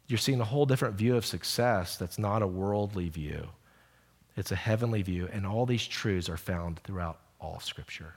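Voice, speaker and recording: A middle-aged man preaching a sermon in a church, telling stories with animated energy and speaking in an earnest, hushed way as he prays. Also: low-pitched, normal speed, husky. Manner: storytelling, animated in anecdotes, hushed and earnest in prayer. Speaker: pastor. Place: church auditorium.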